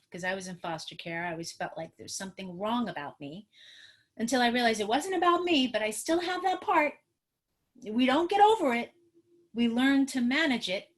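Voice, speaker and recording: Expressive woman teaching parents. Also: mid-range voice, moderate pace. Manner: emotional and animated, acting out what a parent says to a child. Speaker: trauma specialist presenting a parenting webinar.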